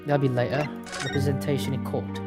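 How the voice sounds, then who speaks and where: A woman's voice: a bass voice, level tone, a little fast. Woman streamer, casual game commentary, chatty, music bed. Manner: offhand, chatty asides.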